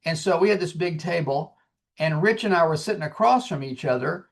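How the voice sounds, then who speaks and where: A man in his sixties, a singer-songwriter guest, telling his story in an earnest, animated way and acting out the dialogue. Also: fairly high pitch, fairly quick, gravelly. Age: 60s. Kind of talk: casual storytelling.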